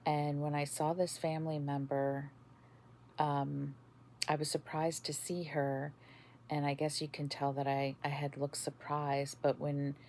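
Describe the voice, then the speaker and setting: Woman podcast host, low gravelly voice, unhurried, halting testimony. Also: a little mellow, a little hiss or hum. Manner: slow, halting, many fillers and restarts. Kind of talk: casual spoken testimony.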